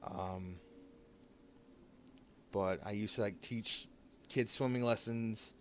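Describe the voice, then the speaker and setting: A man's voice: fairly low pitch, fairly even intonation, fairly bright tone, a little hiss or hum. Choked-up man giving a heartfelt thanks. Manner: halting and heartfelt, many restarts and pauses. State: choked up, holding back tears. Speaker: streamer thanking viewers. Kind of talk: emotional off-the-cuff thank-you vlog.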